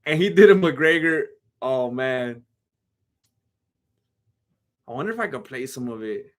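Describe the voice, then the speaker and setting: A man hosting a live stream, reacting to a fight with excitable, teasing commentary. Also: mid-range voice, unhurried. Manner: excitable, laughs often, teasing.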